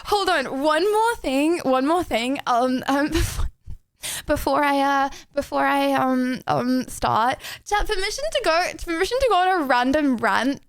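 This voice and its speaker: Woman streamer, young, high voice, giggly rambling chat, close dry mic. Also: lively intonation, measured pace, no echo. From England. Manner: giggly, rambling, self-deprecating. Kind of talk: casual chat to a live stream audience.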